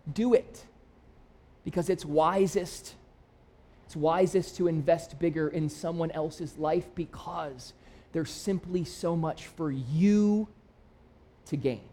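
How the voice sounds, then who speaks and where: Slow and a little high, with a dark tone, this man in his thirties is a pastor from Michigan. His sermon is conversational and self-deprecating, woven with personal stories, and it builds toward emphatic, rising appeals.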